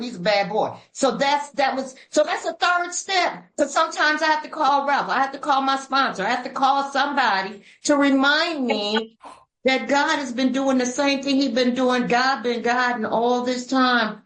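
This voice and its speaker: Animated woman from Georgia, echoey room. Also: sits high. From Georgia, USA. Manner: animated, folksy, emphatic with repeated "bam". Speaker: recovery podcast co-host. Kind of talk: heartfelt conversational sharing.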